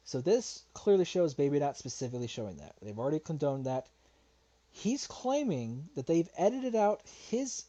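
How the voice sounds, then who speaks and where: A man's voice: fairly high pitch, mellow, dull audio. A man streaming a response video, talking casually and rambling, getting frustrated, swearing and muttering to himself while he searches. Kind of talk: casual livestream commentary.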